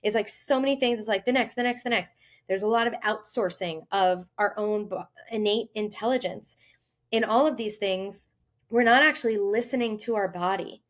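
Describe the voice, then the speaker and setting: A woman hosting a health podcast, talking earnestly in a casual monologue and acting out inner voices with sudden lifts in pitch. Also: moderate pace. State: briefly tearful. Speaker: health coach and podcast host.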